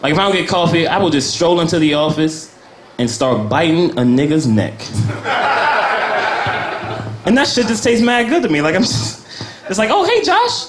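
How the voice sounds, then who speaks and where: A man's voice: fairly high pitch, sing-song, normal speed, long pauses. A young American man doing a laid-back, rambling stand-up set at an open mic, often laughing at his own jokes. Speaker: stand-up comedian. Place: small cafe comedy night. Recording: echoey room.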